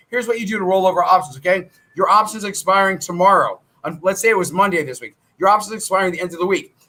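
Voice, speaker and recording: A brash man hosts a casual trading Q&A, swearing freely and jumping from one topic to the next. His voice sits high for a man, with a bright, forceful edge. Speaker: stock trading show host. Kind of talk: casual Q&A livestream.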